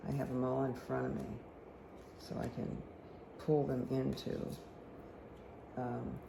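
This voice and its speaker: Gravelly-voiced woman reading cards. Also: very deep voice, little pitch movement, takes it slowly, noisy background. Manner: chatty, rambling, often adds "okay?". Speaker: spiritual guide reading tarot and angel cards. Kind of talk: casual talk to viewers while reading cards.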